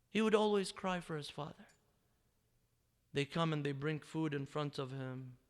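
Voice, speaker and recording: A male preacher telling a story in a sermon with an Iraqi Arabic accent, swinging between loud declaiming and hushed near-whispers, chanting some phrases. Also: on the high side, vocal fry. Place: mosque or community center hall. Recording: echoey hall.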